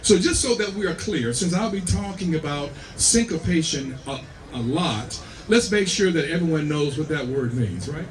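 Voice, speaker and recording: A man's voice: on the high side, animated, normal speed, far from the mic. A man giving a live talk on music history, explaining patiently, checking in with the audience and humming rhythms to show them. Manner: sings and hums rhythms to demonstrate. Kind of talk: live performance with spoken music lecture. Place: performance venue with live audience.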